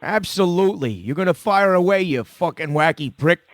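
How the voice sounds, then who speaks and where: A man's voice: high voice, animated, moderate pace, no room sound. A middle-aged man hosting a call-in podcast, talking loosely and profanely in rambling stories. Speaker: podcast host. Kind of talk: casual call-in chat.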